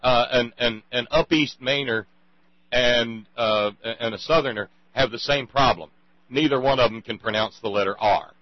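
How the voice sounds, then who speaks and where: A man's voice: mid-range voice, normal speed, no room sound, muffled recording. A man hosting a talk conversation, rambling and emphatic, with many restarts. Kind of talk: casual radio conversation.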